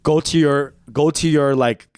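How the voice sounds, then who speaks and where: A man and podcast co-host telling a comedic story, animated, jumping into high-pitched quoted voices. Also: a little slow, clean tone, no echo, studio quality.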